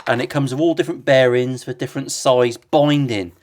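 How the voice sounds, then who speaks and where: A man's voice: medium pitch, fairly even intonation, a little fast, background noise. A man, a luthier chatting casually and sarcastically while building a guitar in his workshop, swearing freely.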